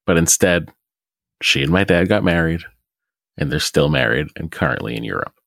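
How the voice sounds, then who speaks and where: A man's voice: extremely low pitch, expressive, normal speed, gravelly, a bit bright, no room sound, clean studio sound. A man co-hosting a casual podcast, teasing and joking, laughing at his own jokes. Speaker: podcast co-host. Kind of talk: casual chat.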